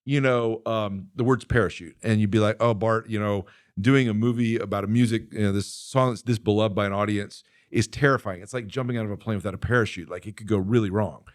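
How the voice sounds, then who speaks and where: A middle-aged man hosting a podcast, telling a story in casual chat, animated and quick to laugh as he acts out what people said. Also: lowish voice, no room sound, studio quality. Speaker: podcast host and filmmaker.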